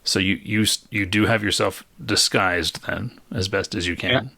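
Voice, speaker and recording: A man running a tabletop game as game master, narrating scenes and asking questions in a relaxed way, laughing easily. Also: fairly low pitch, moderate pace, vocal fry, no room sound.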